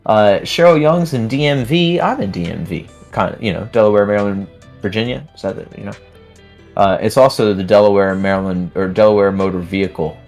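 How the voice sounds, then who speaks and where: A man with a fairly low voice hosts a live stream and chats loosely with viewers, reading their comments and laughing between them. Faint music plays under his talk. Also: a little fast, darkish tone. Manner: chatty, laughs often, reads names aloud. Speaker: livestream host.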